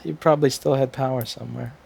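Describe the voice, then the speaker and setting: A man's voice: mid-range voice, steady tone, fast talker, gravelly, a little mellow, breathy edge. A man in a repair workshop, explaining a circuit board fix live in a wry, profane way and talking to himself as he works. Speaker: repair technician.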